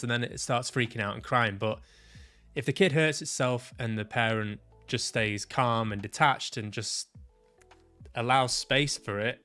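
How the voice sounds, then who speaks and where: Man musing in a thoughtful, halting way. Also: mid-range voice, fairly bright tone. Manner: thoughtful and halting, with frequent restarts and casual swearing. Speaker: vlogger sharing personal experience. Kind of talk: reflective personal vlog monologue.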